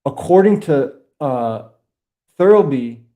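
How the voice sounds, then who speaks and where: A man's voice: fairly high pitch, expressive, slow pace, mellow. A man with a Boston accent, a podcast guest lecturing in a rambling, profane way during a casual video call chat. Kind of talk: casual conspiracy-history chat.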